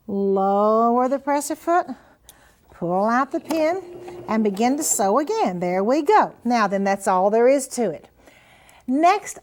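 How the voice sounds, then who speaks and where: A woman's voice: a little high, a little mellow. An older woman hosting a sewing show, demonstrating steps in a folksy, encouraging way. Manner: chatty, folksy, encouraging, says "honey" and "now then".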